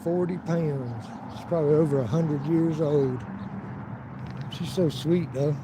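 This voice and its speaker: Brief: a fairly high-voiced man walking outside on a phone stream, rambling and swearing through his stories, with loud street noise behind him. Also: unhurried. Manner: profane, rambling storyteller who acts out quotes. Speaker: live-streaming vlogger. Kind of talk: casual live-stream vlog, walking outdoors. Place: outdoors by a river and town streets.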